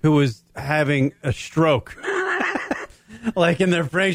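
A man's voice: on the high side, takes it slowly, no room sound. A man hosting a casual radio show, joking and sounding incredulous. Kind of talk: casual banter.

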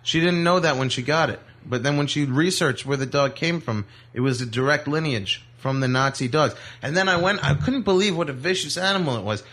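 A man's voice: a little high, fairly quick, hardly any pauses, fairly bright tone. A comedian, a man, telling rambling jokey stories in a casual radio chat. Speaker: comedian guest. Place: radio studio.

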